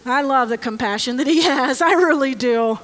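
A woman preaching a conversational sermon to a live congregation with children present. She reads scripture slowly and deliberately, then breaks in with joking, sarcastic asides. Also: high voice. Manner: slow, deliberate scripture reading. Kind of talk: conversational sermon with Bible reading.

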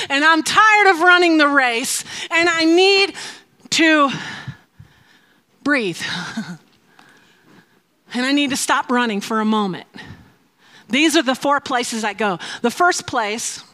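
A woman giving a sermon, talking in playful asides that mix with drawn-out, emphatic phrasing, and laughing often. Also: high-pitched, pushed and bright. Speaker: speaker teaching a faith message.

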